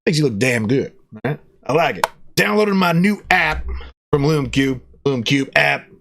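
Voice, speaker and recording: A man's voice: moderate pace, creaky, noisy background. Playful man unboxing gear. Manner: playful, jokey cowboy persona with excited pitch jumps. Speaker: product reviewer. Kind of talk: casual unboxing vlog.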